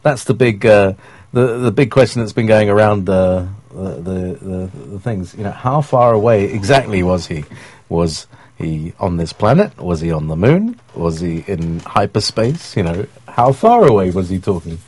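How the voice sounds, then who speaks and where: A man's voice: lowish voice, animated, normal speed, darkish tone, husky. A man hosting a casual call-in stream, talking in a rambling, hesitant way with many fillers and chuckles. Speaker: show host. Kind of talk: casual live-stream talk.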